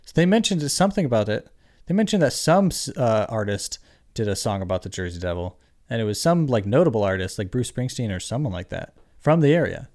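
A man's voice: medium pitch, sing-song, a little fast, darkish tone. A man co-hosting a podcast, talking casually and hesitantly with many fillers. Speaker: podcast co-host. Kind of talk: casual chat.

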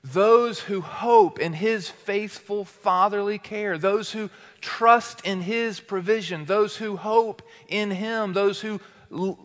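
A man's voice: high-pitched, slow pace, hardly any pauses, long reverb tail. A man preaching a sermon as teaching pastor, building emphatic repeated phrases with passion.

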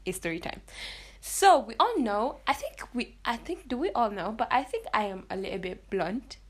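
A woman's voice: fairly high pitch, sing-song, normal speed. A young woman hosts a casual solo podcast, chatty and blunt, restarting her sentences often. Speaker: podcast host.

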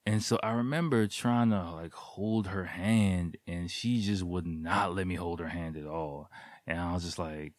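A man's voice: sits low, measured pace, no room sound, studio quality. A man in his thirties casually telling a rambling, profane personal story, full of fillers and restarts. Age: 30s. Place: living in Japan.

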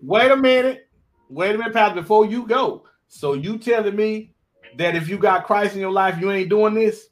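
A man co-hosting a casual live chat, animated and teasing, joking often. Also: sits high, normal speed, faint music behind. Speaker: co-host.

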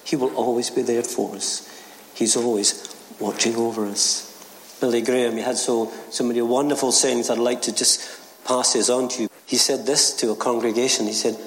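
A man's voice: medium pitch, little pitch movement, normal speed. An older man, a retired minister telling a story and giving a short sermon. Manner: gentle storytelling, acts out voices in quotes. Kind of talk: short sermon with a told joke. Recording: reverberant church hall.

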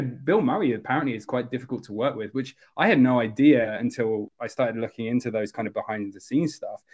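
A man casually discussing a film as a podcast co-host, animated and full of fillers. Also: lo-fi sound. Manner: animated, jumps to high voices when quoting characters.

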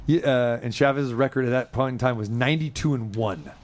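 A man hosting a relaxed sit-down interview, prompting his guest with dates and questions. He nudges the talk back on track in a plain, middle-pitched voice. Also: fairly quick. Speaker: interview host. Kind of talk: casual interview.

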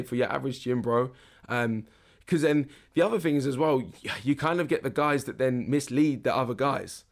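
Husky-voiced man rambling frankly. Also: mid-range voice. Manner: frank, rambling, lots of restarts and fillers. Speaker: podcast host and fitness coach. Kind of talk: casual podcast monologue.

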